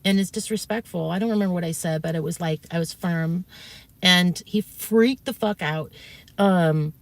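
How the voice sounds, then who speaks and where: A woman's voice: fairly low pitch, normal speed, dry recording. A woman streamer, telling her viewers a long story in a casual, rambling way with many fillers and restarts, swearing when she gets heated. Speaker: streamer recounting events.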